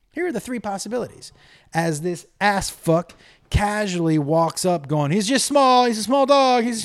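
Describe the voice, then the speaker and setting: A middle-aged man telling a comic rant to camera, profane and exasperated as he tells a story. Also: high voice.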